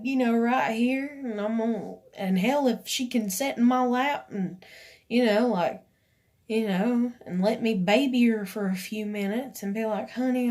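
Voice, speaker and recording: A woman's voice: on the high side, a little mellow. Emotional rambling woman with drawl. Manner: emotional, rambling, full of fillers. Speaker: vlogger. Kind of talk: personal storytelling.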